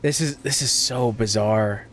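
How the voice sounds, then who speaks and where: A man's voice: mid-range voice, a little slow. A man giving casual commentary while he plays a video game. He sounds sleepy and rambles, with lots of fillers, restarts and swearing. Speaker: gamer playing and commenting.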